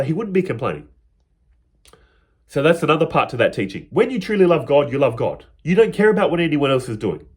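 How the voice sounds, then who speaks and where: A man's voice: on the high side, breathy edge. A man teaching on spirituality in a reflective, spoken style, retelling a parable and slipping into the characters' quoted lines.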